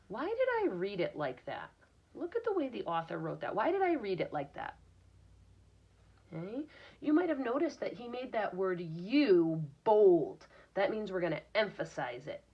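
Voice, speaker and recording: A woman's voice: on the low side, very animated, normal speed, husky. A woman teacher reading a picture book aloud to young children, patiently explaining words and sounding them out. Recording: dull lo-fi recording.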